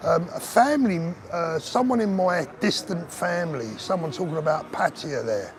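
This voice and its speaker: A man's voice: fairly high pitch, animated, normal speed, crowd noise. A middle-aged man hosting a casual live stream while walking outdoors, chatting, joking and reading out viewer comments. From Britain. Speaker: livestream host. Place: outdoors on resort streets, walking. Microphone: phone on a selfie pole.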